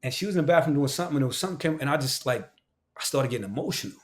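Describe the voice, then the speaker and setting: A man's voice: mid-range voice, expressive, very fast. Candid New man, slangy and emphatic. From Queens, New York. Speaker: actor and voice actor, podcast guest. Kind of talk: casual podcast conversation.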